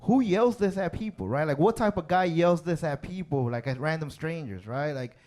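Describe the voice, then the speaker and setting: A man's voice: fairly high pitch, moderate pace, a little mellow. A male stand-up comedian from Chicago, telling stories on a club stage and tagging his lines with "right?" and "man". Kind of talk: stand-up set.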